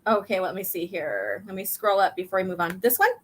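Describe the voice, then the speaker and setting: A woman's voice: medium pitch, big pitch swings, a little fast, a bit bright. A woman hosting a casual chat, reading a comic aloud, chatty and giggly. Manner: giggly, chatty, reads dialogue in voices. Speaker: podcast host.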